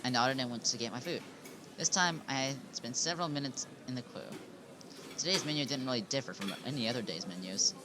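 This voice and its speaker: A man's voice: mid-range voice, fairly quick, background noise. A man reading a visual novel aloud in first person, casually, with chuckles and restarts. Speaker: game narrator. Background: background music.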